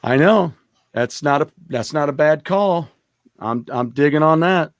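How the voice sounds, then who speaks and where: A man's voice: fairly high pitch, expressive, measured pace, dry recording, clean studio sound. A man co-hosting a casual gaming stream chat, rambling with lots of fillers. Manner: chatty, rambling with many fillers. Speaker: co-host.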